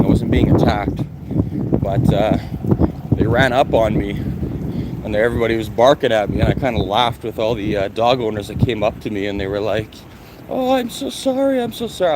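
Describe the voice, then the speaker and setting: A man live-streaming from a phone while walking outdoors, chatting loosely and answering viewer questions. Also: lowish voice. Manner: loose, chatty, swears casually. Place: outdoors on city streets heading to an arena. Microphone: phone held while walking. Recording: clear street noise from walking outdoors. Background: street traffic and city noise.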